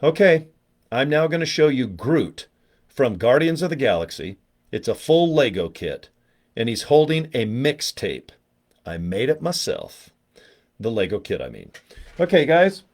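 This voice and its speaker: Speaking a little slowly in a medium-pitched, slightly mellow voice with big pitch swings, a man hosts a casual product-promotion live stream. He rambles, jokes at his own expense, and addresses viewers in the chat by name.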